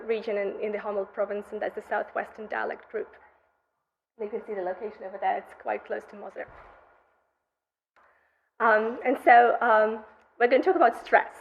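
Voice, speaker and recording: A young woman, a graduate student, presenting her research in a methodical academic conference lecture, heard through a dull, muffled recording. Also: on the high side. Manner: methodical, explanatory delivery.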